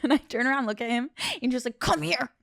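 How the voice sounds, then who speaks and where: A young woman co-hosting a comedy podcast, telling a story with indignant, animated energy, swearing and laughing as she goes. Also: sits high, fast talker, creaky, no room sound, clean studio sound. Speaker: podcast co-host. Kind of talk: casual comedic chat.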